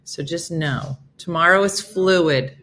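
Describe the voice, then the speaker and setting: A chatty woman from New Jersey hosts a casual morning show, rambling from one thought to the next. Her voice is bright and forward, and she laughs easily. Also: fairly low pitch, takes it slowly. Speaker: show host.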